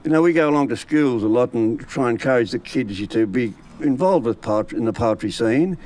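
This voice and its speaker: A man's voice: medium pitch, animated, a little fast, a little mellow, low-quality recording. A man, a bush poet telling comic yarns and reciting funny poems in a folksy, chuckling way. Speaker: bush poet and yarn teller.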